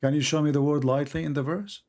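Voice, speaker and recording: A man hosting a live-streamed religious debate, arguing and pressing his caller with repeated questions, reading passages slowly. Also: a little high, fairly even intonation, darkish tone. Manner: reads quoted passages slowly and deliberately.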